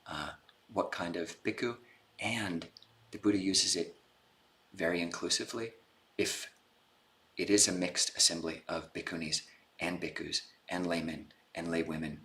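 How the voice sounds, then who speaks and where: A man's voice: sits low, fairly even intonation, measured pace, pushed and bright. A man, a Buddhist monk, giving an informal dharma talk, explaining casually and retelling scenes in a chatty, slangy way.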